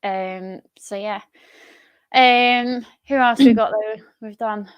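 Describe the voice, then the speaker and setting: A woman's voice: fairly high pitch, steady tone, slow, clear, resonant tone, no echo, muffled recording. A woman co-hosting a casual football chat show, laughing often and using plenty of fillers. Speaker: podcast co-host.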